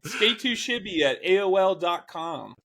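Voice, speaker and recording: A man co-hosting a fantasy football show, laid-back and quick to laugh. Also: high voice, expressive, fairly bright tone. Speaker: podcast co-host. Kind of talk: casual sports chat.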